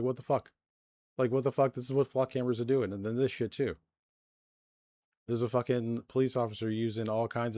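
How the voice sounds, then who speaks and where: This is a male-sounding livestreamer, his medium-pitched voice a little mellow on a dry recording. Exasperated and heavily profane, he rants his way through live news commentary in a loose, conversational style full of fillers.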